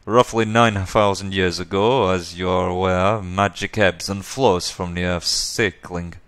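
A man's voice: low voice, fairly even intonation, a bit bright, smooth. A man voicing a pompous older nobleman with a put-on German accent that drifts toward Russian, drawing out each word. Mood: solemn. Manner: drawn-out, relishing each word.

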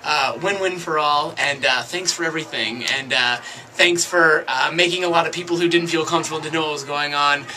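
A man in his late twenties, a wrestler, giving a halting tribute full of fillers and restarts. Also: a little high, pushed and bright, slight background noise. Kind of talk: recorded tribute message.

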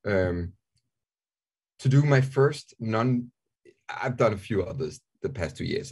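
Gravelly Danish-accented man in his forties. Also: on the low side, darkish tone. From Denmark. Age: 40s. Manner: candid, joking, stammers and repeats himself. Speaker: actor, interview guest. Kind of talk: casual interview chat.

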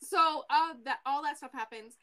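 Bright-voiced woman recapping a book. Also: sits high, moderate pace. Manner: animated, swears, lots of fillers. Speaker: podcast co-host. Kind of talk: casual book recap chat.

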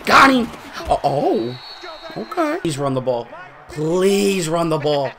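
A young man streaming a football video game, his bright, high voice swinging widely as he mutters, pleads and then erupts into shouts. He talks at an unhurried pace between bursts. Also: sing-song. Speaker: gaming streamer. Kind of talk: excited live gameplay commentary.

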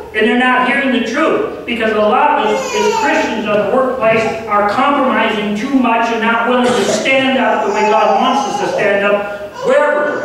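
High-voiced guy preaching hard in a big echoey church, mic kinda far off. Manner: earnest, emphatic, grows fervent. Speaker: guest preacher. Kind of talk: sermon. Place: church sanctuary.

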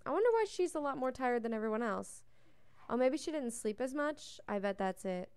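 Young woman doing a chill let's play, kinda high smooth voice, keeps cooing over cute stuff. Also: expressive, fairly quick, a little mellow. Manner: chatty and gushing, coos over cute moments; reads on-screen game text aloud. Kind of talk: casual gameplay commentary.

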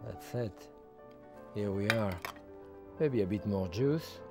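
A man working as a TV chef, walking through a cooking demonstration step by step and adding relaxed asides as he goes. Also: lowish voice, slow pace. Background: background music.

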